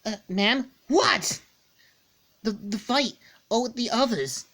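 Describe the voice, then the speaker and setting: A woman's voice: on the high side, lively intonation, slow, fairly bright tone, pitched above the performer's own voice, full character voice. A woman voicing a timid young male sidekick, reading comic dialogue in a hesitant, stammering manner.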